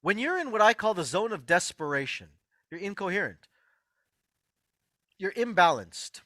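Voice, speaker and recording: A high, bright-voiced man gives an emphatic motivational health lecture, swooping up and down in pitch as he repeats his key points. He talks straight to his online audience, and the sound is close and dry. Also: lively intonation, moderate pace, dry recording. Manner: emphatic, repeats key phrases, addresses listeners directly. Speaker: host of an online healing workshop.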